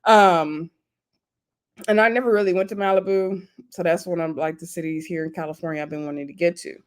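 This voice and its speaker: A woman's voice: on the low side, fairly quick. Chatty woman gossiping through a reality show recap. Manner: chatty, gossipy, animated with emphatic asides; loose slangy speech addressing viewers as y'all. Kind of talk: casual chat recap.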